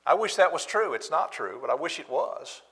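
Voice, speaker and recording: A man teaching a sermon with a bright, forceful voice. He talks in an animated way and acts out sarcastic quotes with relish. The sound carries a long reverb from the church room. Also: on the high side, normal speed, gravelly, husky. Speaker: preacher. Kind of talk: bible class sermon.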